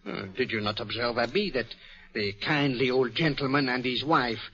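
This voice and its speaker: A man's voice: mid-range voice, moderate pace, a bit bright, slightly rough. An actor playing a fussy, courteous Belgian detective with a French accent, who sprinkles French words into his speech, in 1940s radio acting. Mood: inquisitive, polite. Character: fussy, polite middle-aged Belgian male detective. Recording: dull old radio broadcast.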